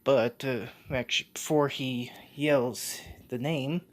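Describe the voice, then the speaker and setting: A man's voice: medium pitch, fairly even intonation, takes it slowly. A man casually retelling a fan-made story off the cuff, full of restarts and self-corrections. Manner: casual, slangy.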